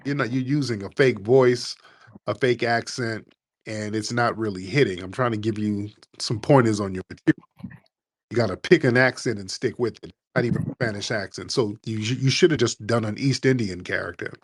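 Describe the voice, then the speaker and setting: A man's voice: on the low side, moderate pace. A man hosting a call-in talk show, blunt and teasing, with casual slang. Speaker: host.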